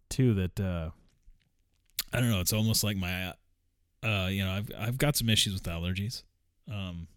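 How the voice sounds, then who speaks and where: A man with a low voice chats casually, rambling and swearing freely, often breaking into chuckles. The sound is dry and close, with no room echo. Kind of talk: casual vlog chat.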